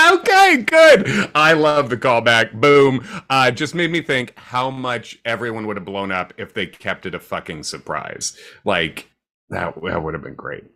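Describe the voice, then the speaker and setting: A man co-hosting a livestream, chatting about a TV finale in a playful, excitable way. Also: fairly low pitch. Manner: excitable, playful, quick to joke. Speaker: podcast co-host. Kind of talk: casual recap chat on a livestream.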